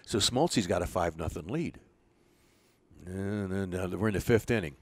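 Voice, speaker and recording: An older man, a retired pitching coach, telling rambling, chuckling anecdotes in a casual interview. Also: normal speed, a little mellow, no room sound. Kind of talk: casual storytelling.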